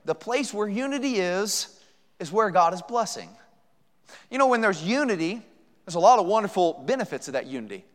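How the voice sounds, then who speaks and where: A man's voice: high-pitched, big pitch swings, moderate pace, long reverb tail. A man preaching a sermon as a guest preacher, folksy and joking, with many rhetorical questions. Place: church sanctuary.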